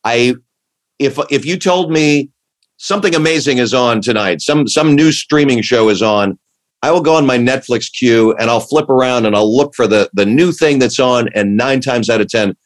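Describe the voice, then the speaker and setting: A man's voice: mid-range voice, normal speed. A man in casual chat, rambling and restarting his sentences, enthusiastic about what he describes. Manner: rambling, self-interrupting, enthusiastic.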